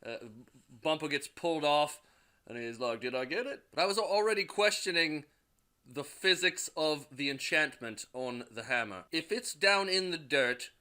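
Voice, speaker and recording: Young dude on a stream spoiling a movie, swears nonstop, bright kinda high voice. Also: male voice, lively intonation, moderate pace, clean tone. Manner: crude, swears constantly, briefly acts out characters' quotes. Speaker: movie reviewer recapping a film. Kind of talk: casual profane movie recap.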